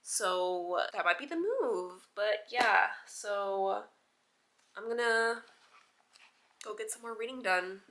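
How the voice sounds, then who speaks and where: A woman chatting casually in a book vlog, animated and informal, leaning on "like" and dropping the odd swear word. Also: medium pitch, slow, pauses often. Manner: chatty and animated, heavy use of "like". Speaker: book vlogger. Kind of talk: casual reading vlog chat.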